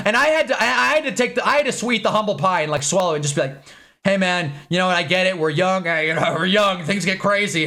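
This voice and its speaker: A young man streamer telling an exasperated, animated story in a casual rant, swearing as he goes. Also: sits high. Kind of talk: casual ranting livestream.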